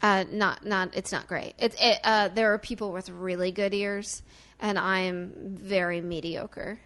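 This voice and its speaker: Bright-voiced woman from small-town Illinois. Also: medium pitch. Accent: southern Illinois, softened by accent training. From small-town Illinois, US Midwest. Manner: animated, emphatic, rapid run-on talk with many "like"s. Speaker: actor and guest. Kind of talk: casual conversation about acting.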